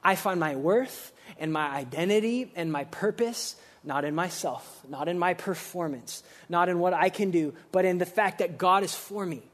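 A man preaching a casual, energetic sermon, using slang and swinging between loud emphasis and quiet reflection. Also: sits high, moderate pace, hardly any pauses. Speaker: pastor.

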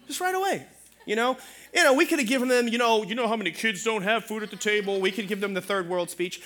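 A middle-aged male pastor preaching a sermon in an animated, humorous way, calling out for amens. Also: high-pitched, quick pace.

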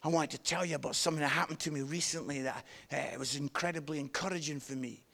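A man, preaching a sermon with animated storytelling and self-deprecating humor. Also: on the high side, fast, creaky. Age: 50s.

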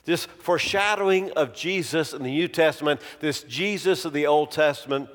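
A man preaching a sermon in a slow, measured way, letting phrase ends fall away softly. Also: a little high. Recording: long reverb of a large hall.

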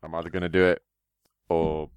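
Man, tabletop player, very low voice, dry sound, easygoing, self-mocking chat. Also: level tone, fairly quick, clear, resonant tone, dry recording. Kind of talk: casual chat among players.

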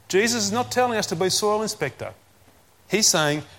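High-voiced man preaching with slow emphasis. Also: lively intonation, a bit bright. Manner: emphatic, repeats key phrases, slows down to stress commands. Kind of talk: sermon.

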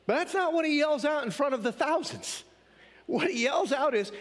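A man's voice: extremely high pitch, big pitch swings, brisk, big-room sound. A male pastor preaching a sermon in a conversational style, often asking the congregation questions.

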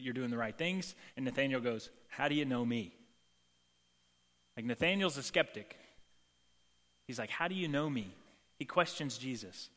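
A man preaching a sermon in a relaxed, conversational way, acting out the quoted lines as he goes. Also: mid-range voice. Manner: casual and animated, acts out quoted lines. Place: church sanctuary. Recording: long reverb of a large hall.

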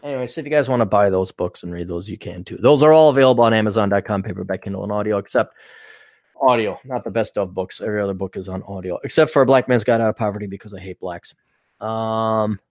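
A man's voice: lowish voice, dry recording, studio quality. Rambling, irreverent podcast host, man. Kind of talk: casual rambling monologue.

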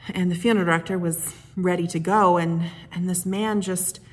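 Husky-voiced woman pastor preaching gently. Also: on the low side, steady tone. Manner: gentle, unhurried storytelling with soft hushed moments. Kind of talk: sermon with personal stories.

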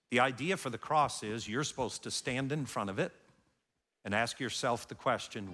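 A man's voice: medium pitch, animated, moderate pace, pushed and bright. A man preaching a sermon as pastor, telling the story dramatically and acting out the scene. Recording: long hall reverb.

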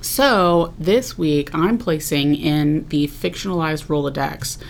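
Gravelly-voiced woman chatting casually. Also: sits low, slow pace, a little hiss or hum. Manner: chatty, rambling with fillers. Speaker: podcast co-host. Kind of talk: casual chat.

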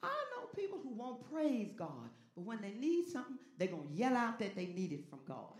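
A pastor preaching a sermon with call-and-response, dropping to a hush and then rising to a shout. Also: medium pitch, huge pitch swings, brisk, echoey room.

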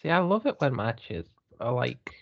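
A man speaking at a middle pitch on a slightly muffled, dull-sounding mic. He chats casually on a podcast in a blunt, wry way and throws in the odd swear word. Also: sing-song, unhurried, creaky. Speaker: podcast co-host and reviewer.

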